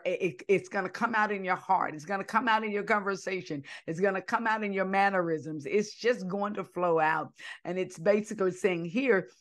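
Fervent woman preaching devotionally. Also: on the low side. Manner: fervent preaching cadence, drops to emotional whispers. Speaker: podcast host and minister. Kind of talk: devotional podcast teaching.

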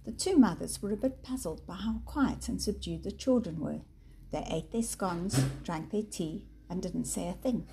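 A woman's voice: fairly low pitch, moderate pace, creaky, mellow, a little hiss or hum. A woman narrating a children's story aloud. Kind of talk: storybook reading.

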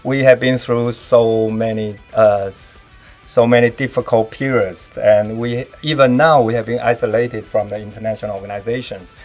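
A man from Taiwan with a Taiwanese accent, Taiwanese Hokkien his first language, talking as a podcast guest in casual chat, halting and reaching for words with many fillers. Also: mid-range voice, steady tone, a little mellow, soft background music.

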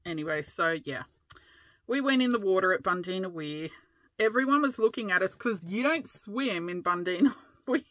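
A woman's voice: medium pitch, animated, moderate pace, a bit bright, no room sound. An Australian woman in her fifties, hosting a crafting vlog and telling a rambling, chatty story. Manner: rambling, chatty, often laughing. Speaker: crafting channel host.

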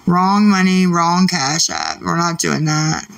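A woman's voice: on the low side, very animated, takes it slowly, creaky, distant mic. A woman livestreaming late at night, irritated and swearing as she argues back at her chat.

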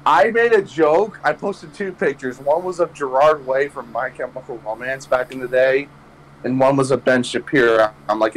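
A young man hosting a podcast tells a rambling story in casual chat, swearing plenty and laughing at his own jokes. His voice is mid-range, and the rough recording carries a little hiss or hum.

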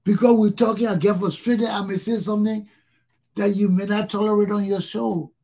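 A man's voice: sits high, steady tone, moderate pace, vocal fry, mellow. A Liberian man hosting his own talk show, speaking in an impassioned solo monologue and repeating phrases for emphasis.

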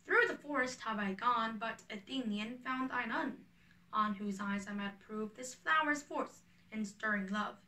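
A woman's voice: a little high, measured pace, sharp tone, recorded from a distance, poor audio. A woman reading the part of a mischievous male forest sprite aloud from a play, speaking a little away from the microphone. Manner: reads every part in turn.

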